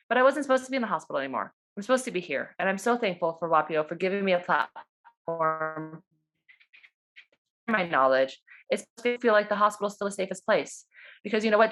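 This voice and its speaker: A woman, a doula and former nurse, telling her own story in a casual, animated and excited way over a video call. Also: fairly low pitch. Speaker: doula and birth worker.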